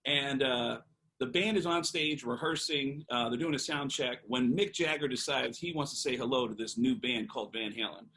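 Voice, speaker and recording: A man, a comedian guest, telling a long, animated anecdote with lots of fillers. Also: medium pitch, moderate pace, poor audio. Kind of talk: storytelling on a podcast.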